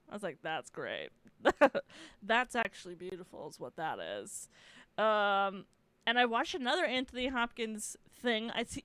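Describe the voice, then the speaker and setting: A woman's voice: medium pitch, a bit bright, smooth, dry recording. A woman hosting a casual solo podcast, gushing, swearing freely and laughing often. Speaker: podcast host.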